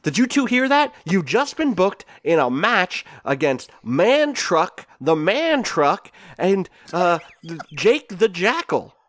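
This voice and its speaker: Man doing a sweaty, excited ringside interviewer. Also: high voice, slow pace, few pauses, no echo, pitched above the performer's own voice, heavily acted. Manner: old-time baseball announcer impression.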